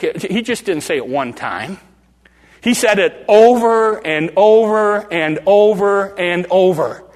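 Older man preaching, slightly high voice, long church reverb, dramatic delivery. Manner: dramatic, acts out the crowd and beggar in rising calls. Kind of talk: sermon.

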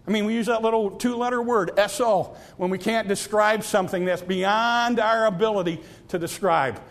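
A man preaching a sermon, repeating and stretching key phrases, sometimes sinking to a hush and sometimes rising to a cry. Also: sits high. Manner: drawn-out emphatic phrases, dropping to near whispers; repeats phrases and stumbles on restarts.

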